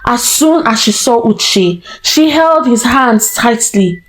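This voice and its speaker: A woman storyteller narrating a folktale in a slow, deliberate way. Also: on the high side, lively intonation, low-quality recording.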